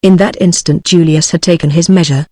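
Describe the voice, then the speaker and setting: A woman's voice: sits low, steady tone, a little fast, a little mellow, dry recording. Synthetic British woman reading a novel. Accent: British English. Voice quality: synthetic text-to-speech voice. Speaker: audiobook narrator. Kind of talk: text-to-speech audiobook narration.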